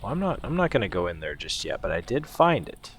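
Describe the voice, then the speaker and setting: A man giving relaxed, casual let's-play commentary, musing to himself as he explores. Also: on the low side, fast talker, a little hiss or hum. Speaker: gameplay commentator.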